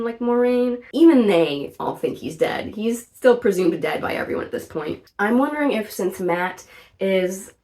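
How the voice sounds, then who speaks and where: A woman in casual review mode, chatting away about a series with lively energy. She leans on "like" as filler and doesn't hold back a blunt word. Her voice sits at a middling pitch. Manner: chatty and animated, frequent "like" fillers; outspoken, swears in mock outrage. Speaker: video reviewer.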